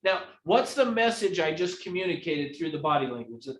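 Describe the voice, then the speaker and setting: A man's voice: fairly high pitch, very animated, brisk, a bit bright, slight background noise. A man teaching a live real estate training class who acts out examples as he explains them. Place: training room. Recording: echoey room.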